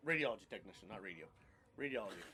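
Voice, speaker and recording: A man's voice: lowish voice, expressive, very fast, bright, forceful tone. A man in his thirties casually telling his life story on a podcast, rambling and blunt, with casual swearing.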